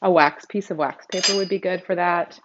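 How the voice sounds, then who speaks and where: A middle-aged woman with a Texan accent hosts a live cooking demonstration from her home kitchen, chatting casually and thinking aloud as she works. Her voice is on the low side and steady, at a moderate pace, with highs cut off and background noise behind her.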